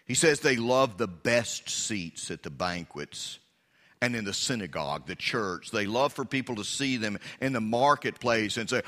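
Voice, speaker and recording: A man preaching a sermon as pastor, swinging from loud emphasis to hushed asides. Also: on the low side, lively intonation, moderate pace, in a large hall.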